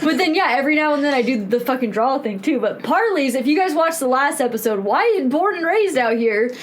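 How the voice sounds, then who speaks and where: Joking young woman, high voice. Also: lively intonation, fairly quick. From Southern California. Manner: joking, profane, laughs often. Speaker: podcast co-host. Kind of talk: casual chat.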